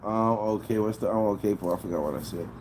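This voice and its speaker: Low-voiced, unhurried man, streamer chatting with chat, slangy and profane, noisy background. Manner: laid-back, profane, slangy. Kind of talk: casual chat reading chat. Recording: steady background noise with vehicle sounds.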